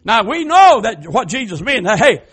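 A man preaching with a strikingly high voice for a man. He swings from fervent shouted cries down to quiet, homespun asides to his congregation. His delivery has the rhythm of an old-time revival sermon. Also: very animated, measured pace, husky. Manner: fervent, rising to shouted cries then dropping to soft folksy asides.

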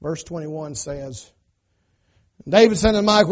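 High-voiced preacher swinging loud to hushed. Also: male voice, moderate pace. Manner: paraphrases scripture in folksy everyday speech. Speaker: pastor. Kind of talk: sermon.

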